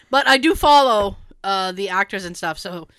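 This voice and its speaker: A middle-aged woman chatting on a podcast, her voice swooping high and low as she tells stories. Her tone is bright and crisp, and the sound is dry and close. She laughs a lot and swears now and then. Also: dry recording. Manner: animated storyteller who laughs often and swears. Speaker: podcast co-host. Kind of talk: casual chat.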